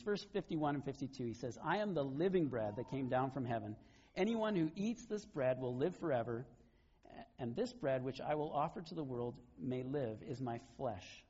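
Man preaching, middle-aged, mellow, slightly husky, muffled sound. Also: medium pitch. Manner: conversational, earnest, laughs between points. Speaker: pastor. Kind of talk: sermon.

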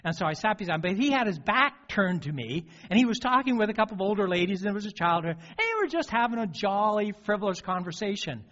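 Older guy preaching a sermon, kinda high voice, dull lo-fi sound. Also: expressive, quick pace, hardly any pauses, a bit bright. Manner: storytelling with frequent restarts and fillers. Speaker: pastor. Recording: dull lo-fi recording.

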